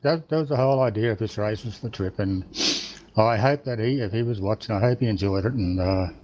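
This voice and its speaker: Choked-up man on a dull line. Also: fairly low pitch. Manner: halting, choked up, many restarts and fillers. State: emotional, fighting tears. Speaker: race driver interviewed after a sim race. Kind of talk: post-race interview over voice chat. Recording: dull lo-fi voice chat audio.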